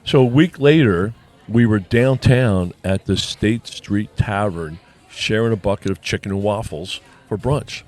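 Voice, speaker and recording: A man's voice: fairly low pitch, measured pace, darkish tone. A man co-hosting a casual chat, telling a personal story and acting out the dialogue. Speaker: podcast co-host.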